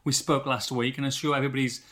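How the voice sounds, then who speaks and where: A man hosting a casual football podcast, talking in an excitable, upbeat and teasing way. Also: medium pitch, fast. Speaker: podcast host.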